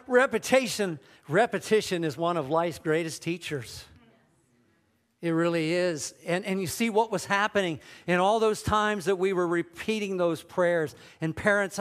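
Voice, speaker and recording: A middle-aged male pastor preaching a sermon, emphatic, repeating key phrases and leading the congregation to say them back. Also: high voice.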